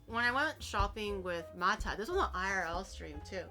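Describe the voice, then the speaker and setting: A woman VTuber telling stories in casual chat, animated and laughing as she acts out quotes. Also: mid-range voice, moderate pace, soft background music. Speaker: VTuber streamer.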